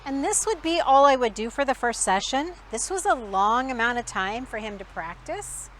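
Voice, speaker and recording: Woman dog trainer, slightly high voice, calm and quiet, recorded outdoors with faint background noise. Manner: calm, quiet, measured instruction. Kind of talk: instructional dog training demonstration. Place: outdoors in a backyard.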